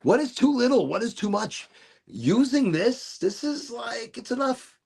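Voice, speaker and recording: A man hosting a relaxed livestream session, talking in a loose, wandering way full of asides and giggles. His voice is gravelly and somewhat husky, and his pitch swings widely from low mutters up to bright, lifted exclamations. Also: a little slow. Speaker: livestream show host. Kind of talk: casual rambling livestream chat.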